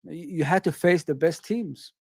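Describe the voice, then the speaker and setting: A middle-aged man chats to his live-stream audience in an animated way, answering the chat and saying the same phrases again and again. His voice sits a bit high. The sound is dry and close to the mic. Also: normal speed, vocal fry, no room sound. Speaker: host.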